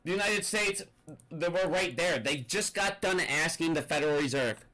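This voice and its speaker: A man's voice: fairly high pitch, a little fast, bright, forceful tone, rough recording. A young man giving an angry, profane, rambling rant about finance. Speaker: finance commentator. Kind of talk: ranting commentary.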